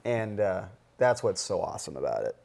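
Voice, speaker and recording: A man hosting a casual podcast, with a fairly low voice and a gravelly, fry-heavy edge. He talks with eager enthusiasm, often reaching for the right word. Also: sing-song, brisk, darkish tone. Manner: enthusiastic, searching for words, lots of "like" and "yeah". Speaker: podcast host.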